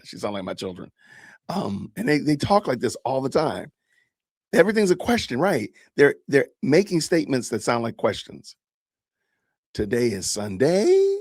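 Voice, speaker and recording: Lively chatty man hosting a stream. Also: medium pitch, dry recording, clean studio sound. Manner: animated, chatty, laughs often. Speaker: podcast host. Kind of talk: live-stream commentary on body cam videos.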